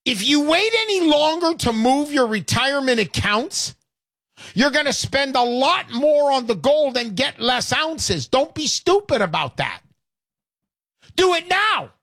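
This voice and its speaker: A man's voice: very high voice, big pitch swings, unhurried, a bit bright, dry recording, clean studio sound. Brash hard-selling male show host. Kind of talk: call-in show sales pitch.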